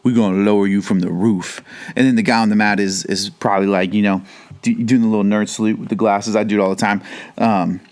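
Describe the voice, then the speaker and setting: A man's voice: lowish voice, flat delivery, fast talker, darkish tone. A man pastor teaching the Bible casually from his home basement, chatty and rambling, with frequent asides.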